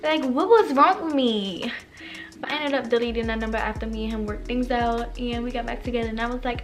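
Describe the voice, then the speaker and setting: A young woman telling stories in a casual, animated way, swearing a lot and acting out what people said. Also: fairly high pitch, brisk, faint music behind. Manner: animated, profane, acts out quoted lines. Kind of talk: casual storytime monologue.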